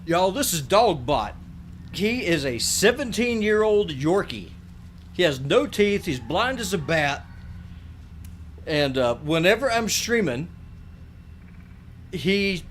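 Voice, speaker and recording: A man's voice: fairly high pitch, a little hiss or hum. A middle-aged man, chatting bluntly and ramblingly while streaming a game from a desk mic. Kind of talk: casual live-stream chat while gaming.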